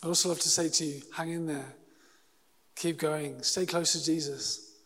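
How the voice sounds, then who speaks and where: A man's voice: a little high, fairly even intonation, a bit bright. Earnest man preaching in an echoing hall. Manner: earnest, halting with restarts. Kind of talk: sermon. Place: church hall.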